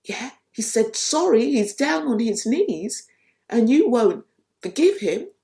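Slow, soft-spoken woman teaching. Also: on the high side, very animated, gravelly. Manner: soft-spoken, unhurried, repeats phrases for emphasis. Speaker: spiritual teacher. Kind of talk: reflective spiritual talk with storytelling.

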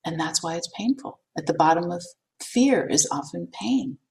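A woman meditation teacher giving a gentle, unhurried talk to an online class, with frequent fillers and repeats. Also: lowish voice, animated, a little hiss or hum. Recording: voice distant from the mic.

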